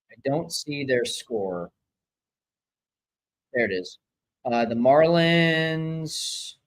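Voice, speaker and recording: An excitable man hosts a live baseball watch-along for his viewers, his voice sitting slightly high. He swings between loud cheering and irritated griping about the players, and stops to read viewer chat names aloud. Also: breathy edge, low-quality recording. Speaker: live stream host reacting to a baseball game.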